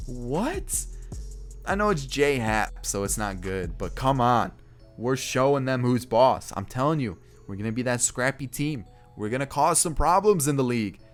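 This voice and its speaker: A young man, a gaming YouTuber, giving excitable play-by-play commentary on a baseball video game and exclaiming over big plays. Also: medium pitch. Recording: faint background music.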